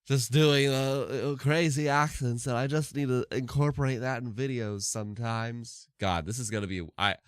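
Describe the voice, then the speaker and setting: A man's voice: medium pitch, fairly even intonation, normal speed, few pauses, smooth, no echo, studio quality. A sleep-deprived man streaming live, chatting casually and rambling with many restarts. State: tired from no sleep.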